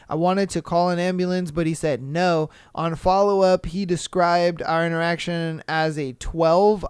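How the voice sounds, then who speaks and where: A man's voice: sits high, clean tone, no echo, clean studio sound. A man hosting a podcast, reading listener stories aloud and reacting in a laid-back, chatty way with crude jokes. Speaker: podcast host.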